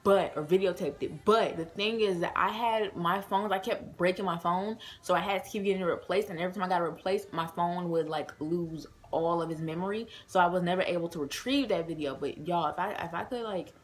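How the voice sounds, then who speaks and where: A woman's voice: on the low side, fairly quick, few pauses. A woman from the United States telling a casual storytime vlog, chatty and full of fillers, talking straight to her viewers as y'all. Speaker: vlogger.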